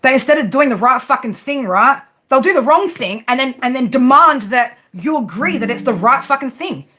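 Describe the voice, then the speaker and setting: This tarot and spiritual reader has a high, bright, forceful voice and talks at a normal speed, animated throughout. Her unscripted livestream rant is profane and combative, packed with rhetorical questions and frequent "right?".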